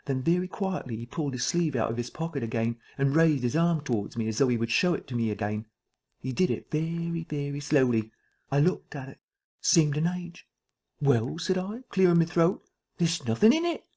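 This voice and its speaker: A man voicing a jittery middle-aged man who recounts a fright, breathless and rising into shrill excitement. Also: moderate pace. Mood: frightened.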